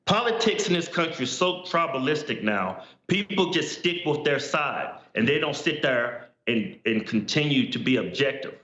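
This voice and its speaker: A man's voice: mid-range voice, expressive, normal speed, hardly any pauses, pushed and bright, reverberant. A male guest commentator on a political talk show, talking bluntly and matter-of-factly over a dull remote line. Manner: blunt, agreeing, matter-of-fact.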